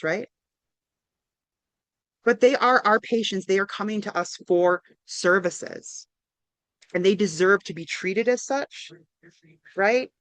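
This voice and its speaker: A woman's voice: medium pitch, unhurried, long pauses, no room sound. A woman counselor giving an interactive online workshop, upbeat and encouraging, often checking in with "right?". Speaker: counselor and presenter. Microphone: video call.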